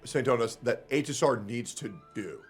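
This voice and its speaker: A man's voice: mid-range voice, normal speed, husky, soft background music. A man moderating a streamed debate, asking guests questions and turning to chat. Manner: addresses chat, wraps up politely.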